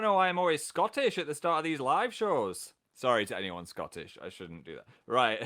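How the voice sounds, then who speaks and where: A man's voice: mid-range voice, expressive, normal speed, hardly any pauses, fairly bright tone. A man hosting a casual livestream, chatting playfully and reading out viewers' comments with a jokey, self-mocking manner. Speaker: livestream host.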